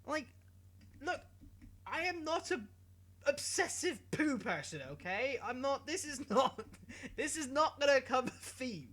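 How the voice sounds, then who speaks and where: Giggly man with a lively voice. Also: very high voice, measured pace. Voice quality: giggly, animated, self-mocking, swears casually. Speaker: YouTube host. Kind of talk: comic news vlog, rambling monologue.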